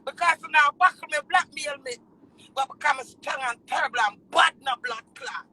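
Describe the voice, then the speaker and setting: A woman with a Jamaican accent in a heated rant, swearing loudly and swinging between shouting and low, tearful muttering. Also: animated, moderate pace, creaky, low-quality recording.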